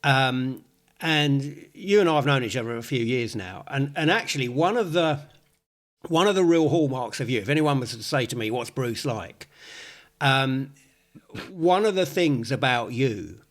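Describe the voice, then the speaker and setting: A man's voice: mid-range voice, lively intonation, a little slow. A man, a psychologist hosting a podcast, who explains his ideas at length in casual conversation.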